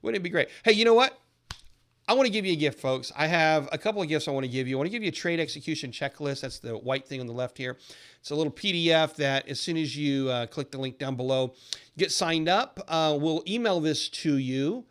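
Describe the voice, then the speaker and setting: An upbeat man with a slightly high voice, hosting a trading channel. He talks viewers through a recorded lesson in a persuasive, salesy way. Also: a little fast, a bit bright. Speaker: trading educator and channel host. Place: lives in a southern US city.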